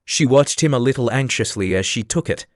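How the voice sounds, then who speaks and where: Male audiobook narrator, steady storytelling, middle pitch, dry close voice. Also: fairly quick, dry recording. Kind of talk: scripted narration.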